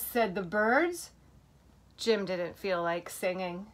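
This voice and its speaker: Animated woman reading a children's story. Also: mid-range voice, slow pace. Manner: animated, asks the children questions. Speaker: children's movement teacher.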